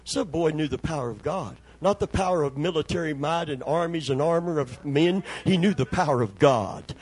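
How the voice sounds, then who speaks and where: An emphatic male pastor preaching a sermon in a high, husky voice. He presses his points hard and keeps calling for amens and hallelujahs. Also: moderate pace, darkish tone.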